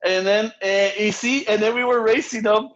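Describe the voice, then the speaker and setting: A man's voice: high voice, fairly even intonation, normal speed, fairly bright tone, dull audio. A man co-hosting a podcast, joking in casual chat and mixing Spanish into his English. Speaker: podcast co-host.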